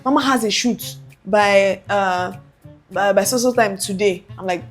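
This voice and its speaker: A woman's voice: medium pitch, unhurried, soft background music. A young woman animatedly telling a personal story to her viewers, acting out the other voices. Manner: animated, acts out quoted voices. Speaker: vlogger. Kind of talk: casual storytelling.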